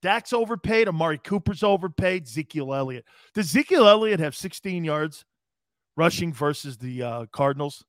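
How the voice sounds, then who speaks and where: A brash sports talk host with a high-pitched voice, needling his viewers and swearing freely. He sounds combative but playful as he answers comments live. The recording is dry, with no room sound. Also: lively intonation, normal speed, no room sound. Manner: brash and profane, talks straight to viewers.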